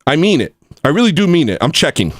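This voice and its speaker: A man rants casually to his livestream chat, slipping from muttered asides into loud, heated outbursts. His pitch leaps around a lot and sits a bit high for a man. The sound is close and dry, with no room around it. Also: quick pace, no echo. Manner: excitable, ranting, swings from mumbling to loud outbursts. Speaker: livestream host.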